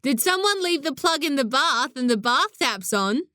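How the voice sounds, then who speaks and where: A woman's voice: high-pitched, lively intonation, moderate pace, pushed and bright, no echo, studio quality. A woman voicing a friendly male rescuer from Scotland who teases the children, with a Scottish accent. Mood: jokey. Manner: teasing, jokey.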